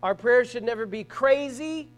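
A man's voice: very high voice, moderate pace. A man preaching a sermon as pastor to a church congregation, earnest and emphatic, repeating phrases as he builds a point.

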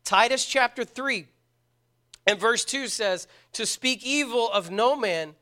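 A man's voice: very high-pitched, expressive, takes it slowly, bright, forceful tone. A man preaching a sermon to a congregation, earnest and emphatic, often repeating words for stress. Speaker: pastor.

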